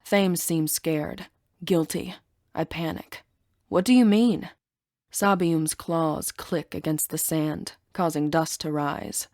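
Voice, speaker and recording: Woman reading a fantasy audiobook, low voice, dry close sound, kinda sarcastic. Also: flat delivery, slow, no echo. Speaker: audiobook narrator. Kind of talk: first-person audiobook narration.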